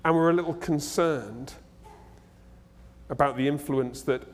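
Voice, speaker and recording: A man's voice: on the high side, measured pace, natural voice. A preacher playing a prim male churchgoer who voices polite, hesitant worries. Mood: fretful. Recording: echoey hall.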